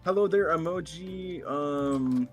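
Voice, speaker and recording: A man streaming a game with friends in casual chat, relaxed and reading out chat messages. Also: a little high, slow, faint music behind. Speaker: streamer and co-player. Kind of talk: casual chat while gaming.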